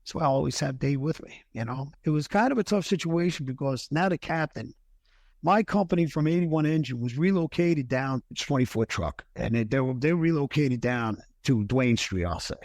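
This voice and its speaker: A middle-aged retired firefighter, guesting on a podcast, tells a personal story with earnest, halting speech, frequent restarts, and moments thick with emotion. His medium-pitched, darkish voice has lively intonation, and the recording is dry.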